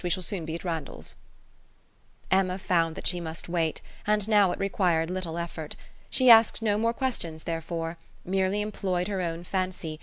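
A woman's voice: fairly low pitch, a bit bright, smooth, no echo. Woman reading a classic novel, dry sound. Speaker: audiobook narrator. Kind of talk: scripted narration.

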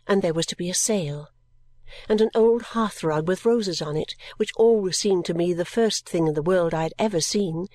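A woman narrating a story in the first person, reading in a gentle, measured way. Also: fairly low pitch, no room sound. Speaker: audiobook reader.

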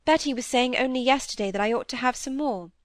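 A woman reading the part of a curious, lively teenage girl who coaxes and pleads with her father. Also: sits high, quick pace, no echo, studio quality, lightly acted. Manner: coaxing, pleading, inquisitive. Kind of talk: audiobook dialogue reading.

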